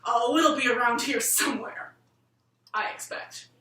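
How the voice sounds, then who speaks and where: A woman's voice: a little high, unhurried, bright, forceful tone, recorded from a distance. A woman voicing a careless male sprite who flies a cat through the night sky, with an offhand, drawling manner. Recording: roomy room, voice set back from the mic.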